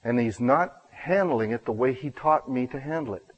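A man's voice: mid-range voice, normal speed, slightly rough, lo-fi sound. Earnest male pastor telling a story. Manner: earnest, self-deprecating storyteller who acts out dialogue. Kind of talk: storytelling sermon.

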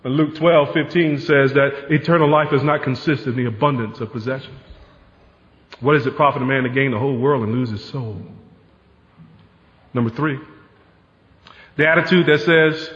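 A man's voice: medium pitch, a little slow, pauses often, a bit bright. A man preaching a sermon as pastor, in a conversational way with frequent rhetorical asides. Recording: dull sound with long hall reverb.

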